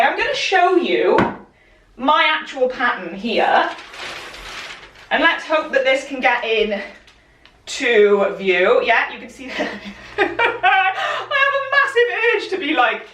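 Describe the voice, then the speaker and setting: A woman's voice: sits high, fairly bright tone, a little hiss or hum. Chatty woman in an echoey room. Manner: chatty and encouraging, laughs often. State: out of breath. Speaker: sewing pattern instructor. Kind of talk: live-streamed sewing tutorial. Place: room, speaking while moving in front of camera. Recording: echoey room, voice a bit far from mic.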